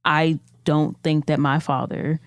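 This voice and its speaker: A woman playing her character in a tabletop game, talking in a halting, giggly but protective way. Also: sits low, fairly even intonation, no echo, studio quality. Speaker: player. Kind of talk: in-character tabletop role-play.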